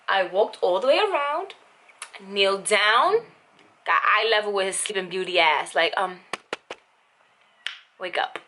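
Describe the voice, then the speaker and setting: A young woman vlogger telling a story in a blunt, animated, casual way, with lots of "like". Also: mid-range voice, moderate pace, slight background noise.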